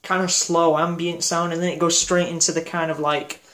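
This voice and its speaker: A man's voice: on the high side, level tone, moderate pace, a bit bright. A man giving a casual album review vlog, enthusiastic and rambling, with lots of fillers and restarts. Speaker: music reviewer.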